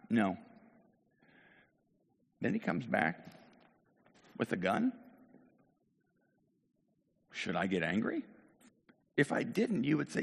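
A man's voice: mid-range voice, sing-song, a little slow, vocal fry, pauses often, fairly bright tone, husky, big-room sound. A middle-aged man preaching a sermon in a conversational way, with rhetorical questions and restarts. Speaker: pastor.

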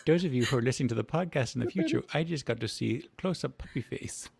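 A man's voice: medium pitch, expressive, fast talker, darkish tone. A man narrating a tabletop game as game master, hesitant and full of fillers. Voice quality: gravelly. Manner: hesitant, with many fillers and restarts.

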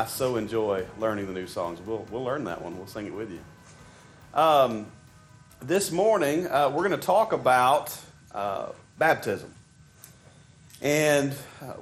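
Preaching a sermon in a conversational style, a man from Arkansas speaks with a Southern accent and a voice on the low side. His delivery is full of fillers and restarts.

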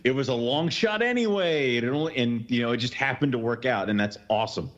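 A man's voice: mid-range voice, a little fast, dull audio. A man co-hosting a podcast, chatting casually in a rambling, self-deprecating way with frequent laughs. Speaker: podcast co-host. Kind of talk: casual chat.

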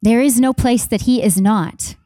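Woman pastor, sermon delivery, fairly high voice with a warm, mellow tone, dry sound, repeats lines for emphasis. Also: unhurried, no echo. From Canada. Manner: passionate, repeats phrases for emphasis, conversational asides to congregation. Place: church.

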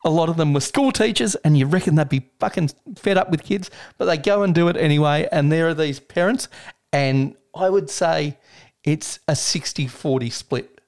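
An Australian man with a gravelly, creaky voice that sits slightly high, talking bluntly on a casual comedy podcast. He is matter-of-fact and swears freely. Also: normal speed, darkish tone. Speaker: podcast co-host.

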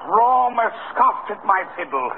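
An actor playing a vain, pompous Roman emperor in a 1930s radio comedy, theatrical and grand. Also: male voice, high voice, sing-song, a little slow. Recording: tinny hissy old radio broadcast.

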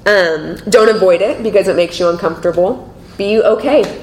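A woman speaking to an audience in a lively, conversational way, telling stories with laughter. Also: moderate pace. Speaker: panel speaker. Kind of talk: conversational talk with anecdotes. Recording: echoey room with faint rumble.

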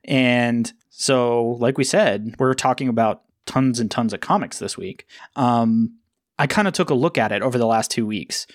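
A man's voice: medium pitch, no echo. Joking man on a dry mic. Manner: joking, quick asides. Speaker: podcast co-host. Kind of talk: casual chat.

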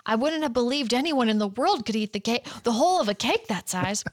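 An amazed young schoolgirl , read aloud by a woman, speaks in a hushed whisper. The voice is fairly high and sounds dry and close. It stays close to a plain storybook reading. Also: expressive, a little fast, no room sound, natural voice.

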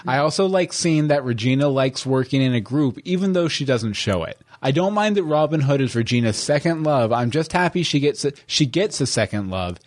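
A man's voice: mid-range voice, lively intonation, a little fast, few pauses. Male podcast co-host, casual and jokey, stumbles through listener mail. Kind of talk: casual fan podcast chat.

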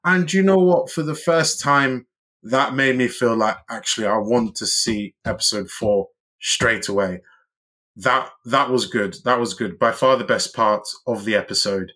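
Lower-pitched man rambling through a review. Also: unhurried, sharp tone. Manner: rambling, many restarts and fillers. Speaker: podcast co-host. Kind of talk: casual TV review chat.

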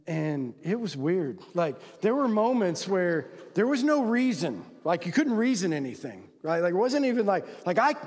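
Long hall reverb surrounds a man preaching to men as a pastor. His delivery is casual and conversational, peppered with rhetorical questions for the audience and quoted voices performed with big swings in pitch.

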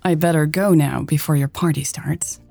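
A woman's voice: low-pitched, fairly even intonation, normal speed, gravelly, mellow, no room sound, faint music behind. A woman reading aloud and voicing a tired, exasperated boss with a dry sense of humour. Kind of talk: read-aloud story dialogue.

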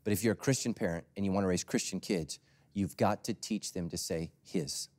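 A man preaching a sermon as a pastor in a conversational, storytelling way, swinging from loud emphasis to near whispers. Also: low voice, brisk.

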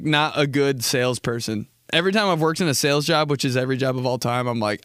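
A man's voice: mid-range voice, fairly quick, hardly any pauses, a bit bright, smooth, no room sound. Laughing, rambling young man in a dry studio. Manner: rambling, laughs often, says dude and bro. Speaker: podcast host. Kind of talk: casual comedic monologue.

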